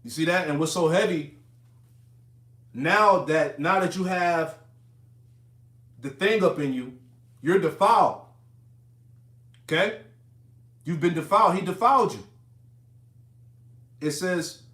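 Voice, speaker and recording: Guy with a high voice preaching off scripture, cussing and hyping it up, roomy echo. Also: slow, pauses often, fairly bright tone. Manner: profane, emphatic, conversational. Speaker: Bible teacher. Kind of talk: casual scripture teaching.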